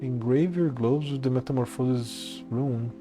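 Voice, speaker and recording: A man's voice: mid-range voice, moderate pace, dark tone, faint music behind. A man casually chatting and rambling while streaming a game, laughing and swearing often. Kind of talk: casual gameplay commentary.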